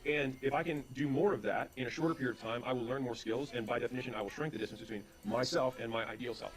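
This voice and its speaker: A man speaking on business and sales, telling stories with quoted back-and-forth dialogue, then giving advice. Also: medium pitch. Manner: rapid, animated retelling with quoted dialogue. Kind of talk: storytelling advice talk.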